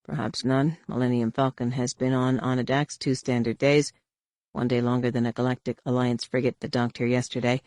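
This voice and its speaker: Male reader voicing a faceless bar owner: cool, measured questioner, dry close sound. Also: medium pitch, flat delivery, a little mellow, no room sound, lightly acted. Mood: probing. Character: disguised faceless bar owner, amused and probing.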